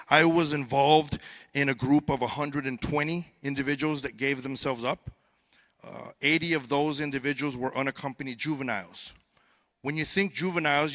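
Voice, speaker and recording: At a youth summit conference, a border patrol agent speaks on stage to a live audience in a conversational, joking way. His mid-range voice has a sharp edge, and he often repeats words as he starts a sentence.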